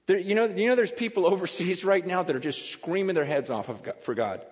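Male pastor, slightly high voice, preaching emphatically in a casual tone; recording is muffled. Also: a little fast. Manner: conversational, emphatic preaching with repeats. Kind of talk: sermon. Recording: dull lo-fi recording in a long-reverb hall.

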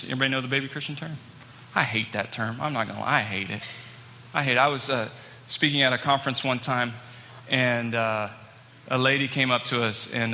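Guy preaching in a church, really bright ringing voice, a bit high, big hall echo. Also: slight background noise. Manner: animated, acts out quoted people, rising excitement. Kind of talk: storytelling sermon. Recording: long hall reverb, faint ambience.

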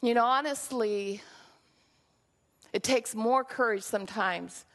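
A woman's voice: on the high side, slow, a bit bright. A woman preaching a sermon in a church, earnest and reflective, telling a story and drawing a lesson from it. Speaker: pastor. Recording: long reverb of a large hall.

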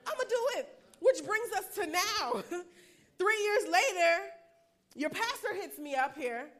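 High-voiced, fast-talking woman preacher. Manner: fast-talking, animated, laughs often. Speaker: chaplain. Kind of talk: preaching a personal testimony.

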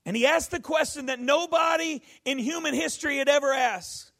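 A male pastor preaching a folksy sermon, rising to shouts. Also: extremely high pitch, normal speed, vocal fry.

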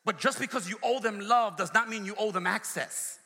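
Male preacher, high bright edgy tone, emphatic call-and-response sermon delivery, long reverb. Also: brisk, slight background noise. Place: church sanctuary.

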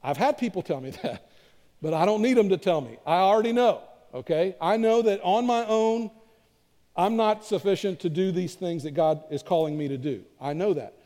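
Warm-voiced pastor preaching in a reverberant church. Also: male voice, high-pitched, normal speed. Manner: conversational and self-deprecating, often repeats words. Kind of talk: sermon. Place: church sanctuary.

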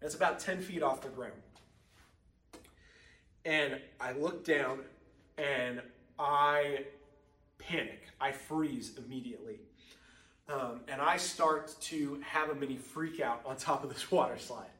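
A man's voice: medium pitch, slow, pauses often, bright, forceful tone. A young man preaching a sermon, telling a personal story in a casual way with frequent ums. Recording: echoey room, mic at a distance.

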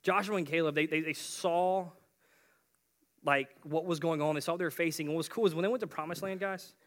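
A man's voice: on the high side, a little fast. A young man preaching a casual youth sermon in a chatty way, with slang and frequent restarts.

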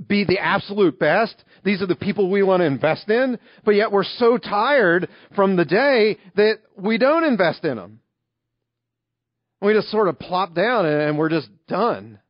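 A man delivers a sermon in an easygoing, conversational style, leaning on everyday stories. His voice sits high for a man. The recording is dry and a little dull, with no room sound. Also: no echo. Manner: conversational, illustrative storytelling. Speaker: pastor.

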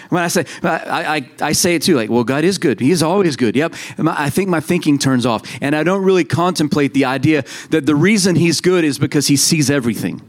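A man's voice: fairly high pitch, fairly quick. A man in his thirties preaching a sermon in a conversational way, telling stories and acting out quoted voices. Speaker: pastor.

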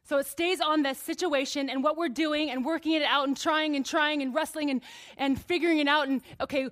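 A woman with a fairly high voice preaches a sermon before a congregation. She talks in a conversational way, joking with her listeners, then builds to emphatic passages before dropping back to quiet asides. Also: fairly even intonation, a little fast. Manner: jokes and laughs with listeners.

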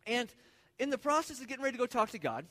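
A man's voice: very high-pitched, very animated, very fast, fairly bright tone. A man preaching a casual, conversational sermon in a church, talking informally and often repeating words as he thinks aloud. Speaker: pastor. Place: church sanctuary. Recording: long reverb of a large hall.

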